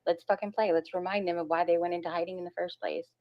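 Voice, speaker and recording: A woman's voice: on the low side, steady tone, fast. Brash, profane woman reacting on a stream. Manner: blunt, heavy profanity, brash. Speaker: stream host. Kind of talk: casual reaction stream commentary. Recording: slightly muffled lo-fi audio.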